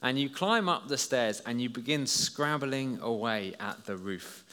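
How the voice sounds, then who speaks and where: A man preaching a lively story sermon to a congregation, addressing them directly and drawing them into the scene. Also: mid-range voice, unhurried. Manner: lively, storytelling, talks to listeners as "you". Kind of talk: children's talk sermon. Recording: long hall reverb.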